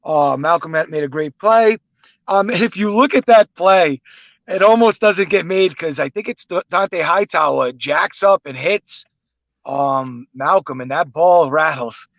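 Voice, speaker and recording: A man's voice: a little high, unhurried, a bit bright, no echo. Dull-miked man rambling about football. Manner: rambling, filler-heavy analysis. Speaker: podcast co-host. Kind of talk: casual sports chat. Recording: dull dry mic.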